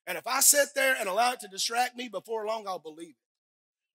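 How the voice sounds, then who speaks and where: A middle-aged woman pastor preaching a sermon on a clip-on mic, swinging from soft asides to loud shouted peaks and joking with the congregation. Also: fairly high pitch, a little fast. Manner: playful, talks directly to the congregation. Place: church sanctuary. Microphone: headset or clip-on microphone.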